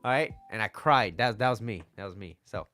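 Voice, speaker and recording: A man's voice: fairly low pitch, fairly quick, soft background music. A man coaching on dating over slides, casual and joking as he talks. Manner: joking and animated.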